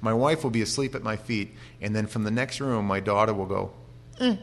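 A male pastor giving an animated sermon with humorous stories and frequent restarts. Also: fairly low pitch, a little fast.

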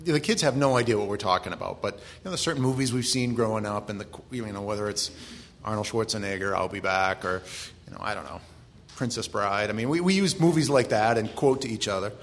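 Middle-aged pastor with a Maine accent. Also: male voice, on the low side, fast, a little hiss or hum. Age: 40s. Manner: conversational, self-deprecating asides. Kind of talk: sermon.

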